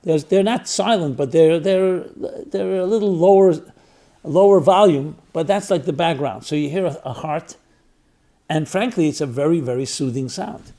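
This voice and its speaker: A man who is a rabbi, telling a story in an earnest reflective talk, repeating phrases in threes for emphasis and dropping soft on tender phrases. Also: on the high side, moderate pace. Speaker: rabbi and spiritual teacher.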